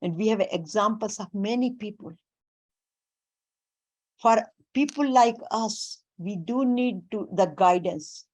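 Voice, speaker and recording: A woman giving a spiritual talk, speaking deliberately and weaving in Sanskrit and Hindi terms. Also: mid-range voice, darkish tone. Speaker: spiritual teacher.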